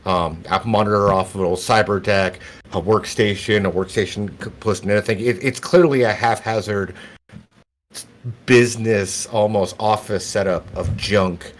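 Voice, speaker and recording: A man's voice: lowish voice, steady tone, moderate pace. A man narrating as game master of a tabletop role-playing game, describing scenes in a loose, rambling way. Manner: descriptive, loose, full of "like" and "kinda".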